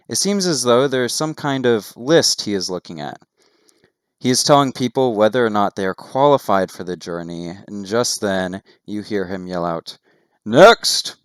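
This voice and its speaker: Low smooth-voiced man narrating as game master. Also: no echo, clean studio sound. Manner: steady descriptive narration with casual asides.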